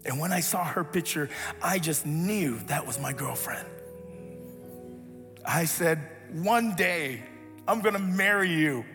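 A man giving a storytelling sermon as a pastor, animated, acting out voices and sinking to a soft hush. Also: on the high side. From grew up as an immigrant. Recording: reverberant hall with faint music.

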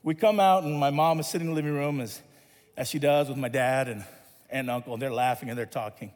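A man from Southern California, a pastor telling a story in a sermon in an animated, playful way, laughing along with his own tale. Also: medium pitch, fast talker, big-room sound.

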